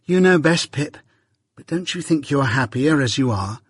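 A man voicing a gentle, patient young village woman who speaks quietly and mildly in an audiobook. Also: a little high, animated, normal speed, breathy edge, no room sound, clean studio sound, big-room sound, pitched above the performer's own voice. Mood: gently doubtful. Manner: quiet, mild and sorrowful. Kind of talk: audiobook character voice.

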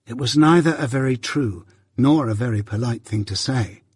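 A man voicing a gentle, patient young village woman who speaks quietly and mildly in an audiobook. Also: mid-range voice, moderate pace, slightly rough, dry recording, studio quality, big-room sound, close to an everyday voice. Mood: mild reproach. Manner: quiet, mild and sorrowful. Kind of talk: audiobook character voice.

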